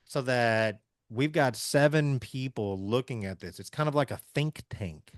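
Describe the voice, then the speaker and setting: A man from Southeast Missouri, hosting a casual business chat in an energetic, folksy way. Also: medium pitch, unhurried, no echo, studio quality. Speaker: podcast host.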